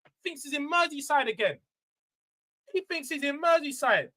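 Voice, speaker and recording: A high, bright-toned man hosts a casual football live stream. He is loud and emotional, going off on a rant before bringing the tone back down. His delivery stays animated and conversational. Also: moderate pace, poor audio. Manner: loud, emotional and animated, ranting then calming down. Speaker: livestream host.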